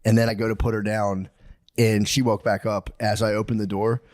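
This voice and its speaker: A man in his thirties co-hosting a podcast, rambling and excitable, acting out quotes as he tells stories. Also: lowish voice, a little fast. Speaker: podcast co-host. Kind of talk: casual chat. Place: podcast studio.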